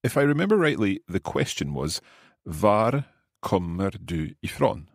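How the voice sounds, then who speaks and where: A Scottish man with a deep, slightly husky voice hosts a language lesson podcast. He repeats phrases slowly and carefully, with lots of rise and fall in his pitch. The sound is dry and close, with no room around it. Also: sing-song, no echo. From Scotland. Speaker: podcast host and language learner.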